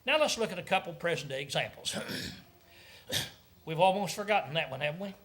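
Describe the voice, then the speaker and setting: Man, preacher, sermon, high-pitched, frequent throat clearing. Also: expressive, moderate pace, sharp tone. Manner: clears his throat often, asks rhetorical questions.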